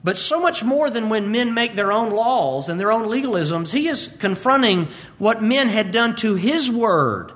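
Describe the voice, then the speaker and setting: A man preaching an expository sermon as a pastor. He reads scripture in a measured King James cadence, then explains it briskly and emphatically, with rhetorical questions. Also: high-pitched, lively intonation, a bit bright.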